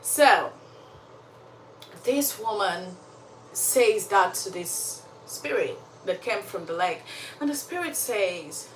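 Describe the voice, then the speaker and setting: A woman telling a story in a casual, animated way, with emphatic asides and religious commentary. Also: mid-range voice, slow pace. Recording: echoey room, slightly far from mic, faint background noise.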